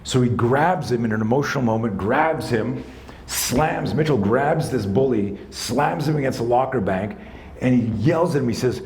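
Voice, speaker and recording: A man in his sixties, a self-defense instructor telling a story in a live talk, animated, conversational and profane. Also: medium pitch, normal speed. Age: 60s.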